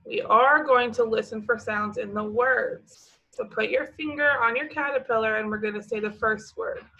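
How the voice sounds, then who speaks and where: A woman teaching preschoolers, speaking slowly and patiently, asking the children questions and answering them herself with encouragement. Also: on the high side, fairly even intonation, sharp tone, lo-fi sound.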